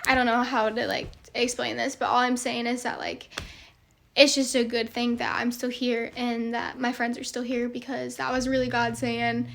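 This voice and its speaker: Earnest young woman, high flat voice. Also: moderate pace, gravelly. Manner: earnest, rambling with many fillers. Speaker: social media creator. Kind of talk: heartfelt monologue to followers.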